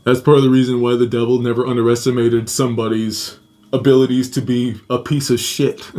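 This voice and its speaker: A man's voice: mid-range voice, fairly even intonation, brisk, warm tone. A young adult man hosting a podcast, telling a personal story in a casual, profane way, laughing often and acting out quotes in a raised voice. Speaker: podcast host.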